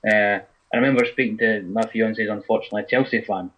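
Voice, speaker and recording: A man's voice: on the low side, fairly even intonation. A man with a Scottish accent, a guest football writer talking in casual podcast chat, rambling with lots of fillers. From Scotland. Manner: fast, rambling, lots of "you know". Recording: muffled lo-fi podcast audio.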